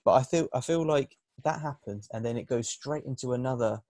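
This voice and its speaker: Measured, analytical man. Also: mid-range voice, darkish tone, dry recording. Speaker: podcast host. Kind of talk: casual film review chat.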